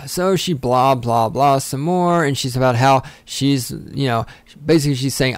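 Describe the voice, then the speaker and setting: A man's voice: mid-range voice, unhurried, clean tone, dry recording. A man hosting a solo podcast, ranting angrily and sarcastically with constant swearing. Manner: angry, profane, sarcastic ranting. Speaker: podcast host.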